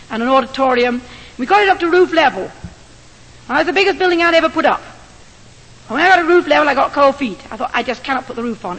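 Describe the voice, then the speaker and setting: An older woman, a missionary doctor, preaching a sermon told as a lively, earnest story with rising emphasis. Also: high-pitched. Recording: long hall reverb.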